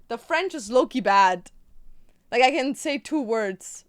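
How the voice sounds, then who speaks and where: A woman's voice: on the high side, animated, a little slow. A young woman whose first language is German, chatting casually and playfully while crafting on a stream.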